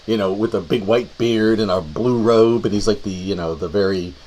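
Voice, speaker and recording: A man's voice: fairly low pitch, moderate pace, darkish tone, rough recording. A man co-hosting a horror movie show, chatting casually and joking while snacking. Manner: jokey, rambling, trails off mid-sentence. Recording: faint background noise.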